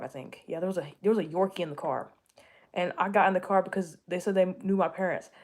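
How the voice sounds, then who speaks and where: A young woman from the United States chatting casually with viewers, rambling and correcting herself, with frequent jokes. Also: on the low side. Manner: rambling, self-correcting, jokey, with laughs. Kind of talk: casual chat answering viewers.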